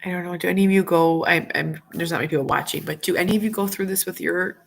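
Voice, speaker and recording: A woman's voice: lowish voice, fairly even intonation, fast, creaky, a little hiss or hum. A woman in her thirties with a slight cold, chatting earnestly and casually to viewers in a home livestream. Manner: earnest, heartfelt, rambling. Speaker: mom vlogger.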